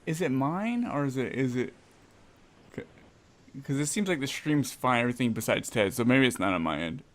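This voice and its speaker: A man's voice: mid-range voice, expressive, moderate pace, a bit bright. A man hosting a casual podcast, laid-back and enthusiastic, peppering his talk with "man" and "dude". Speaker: podcast host.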